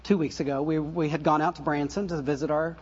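An older man preaching a conversational sermon, full of asides and self-corrections and soft laughs at his own stories. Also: fairly high pitch, steady tone, fast, husky, dull audio. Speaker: pastor.

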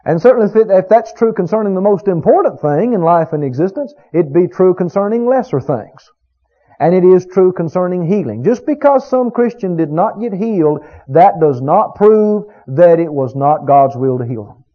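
Animated high-pitched male preacher. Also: moderate pace. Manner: emphatic, rhetorical questions to the congregation. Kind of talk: sermon. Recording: dull lo-fi recording.

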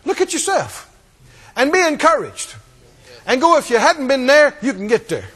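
A man's voice: very high-pitched, big pitch swings, moderate pace, bright, forceful tone, big-room sound. A man preaching a rousing, emphatic sermon and calling out to his congregation.

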